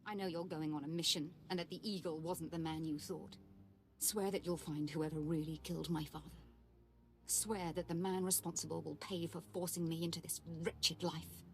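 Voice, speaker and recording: A woman's voice: lowish voice, fairly even intonation, moderate pace, lightly acted. A woman voicing an arrogant, petulant young female Sith lord in video game dialogue, imperious and resentful. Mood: bitter.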